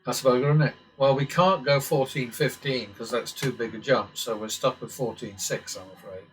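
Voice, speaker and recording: A man's voice: mid-range voice, normal speed, fairly bright tone, faint music behind, low-quality recording. A man casually talking through simulated blackjack hands, muttering calculations with wry asides and the odd swear word. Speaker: blackjack strategy channel host. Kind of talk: casual commentary while playing simulated blackjack.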